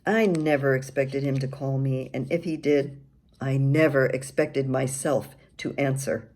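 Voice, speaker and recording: A woman's voice: very deep voice, measured pace, darkish tone. An older woman reading her own memoir aloud in a wry, candid storytelling manner.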